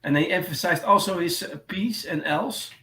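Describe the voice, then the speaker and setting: A man's voice: high-pitched, normal speed, pushed and bright. Hesitant man in an echoey room. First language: Dutch. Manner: hesitant, many fillers, reads notes. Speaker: host. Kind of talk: casual livestream chat. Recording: echoey room with faint noise.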